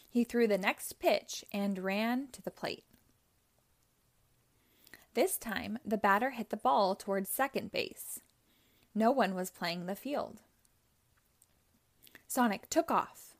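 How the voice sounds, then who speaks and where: A woman reading a children's chapter book aloud, narrating slowly and carefully. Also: mid-range voice. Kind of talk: read-aloud storybook narration.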